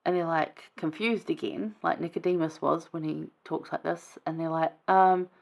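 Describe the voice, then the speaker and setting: A woman's voice: sits low, steady tone, normal speed, gravelly. A woman giving casual scripture commentary in a chatty, informal way, reading verses aloud and then explaining them. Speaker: Bible study vlogger.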